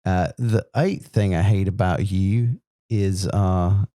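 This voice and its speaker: Joking podcast co-host, easygoing man, low mellow voice, recorded dry. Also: slow pace, no echo. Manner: relaxed, joking, fillers like um. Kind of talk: casual chat.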